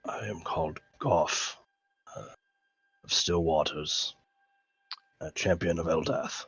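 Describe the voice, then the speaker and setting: A man playing a solemn male champion in a tabletop role-play, speaking slowly and haltingly. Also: low voice, fairly bright tone, breathy edge, no echo, exaggerated voice. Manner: slow, solemn, halting in-character speech. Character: grave male champion of a water goddess.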